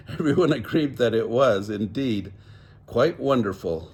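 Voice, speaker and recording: An older man reading a children's picture book aloud, gently voicing each character. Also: mid-range voice, lively intonation, measured pace, breathy edge. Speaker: storybook reader.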